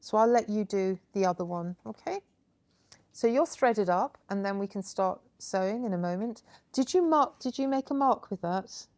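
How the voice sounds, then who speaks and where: A woman guiding guests through a craft project at an indoor table. Her voice sits at an ordinary middle pitch, and her manner is chatty, warm in praise, and full of encouragement. She explains each step plainly as a hands-on tutor. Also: animated, moderate pace. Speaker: crafting workshop host.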